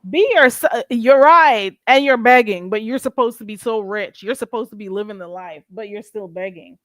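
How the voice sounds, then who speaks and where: An animated woman chatting with friends, full of questions and quick laughter. Her voice is fairly high and recorded dry and close. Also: no echo. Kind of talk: casual group chat.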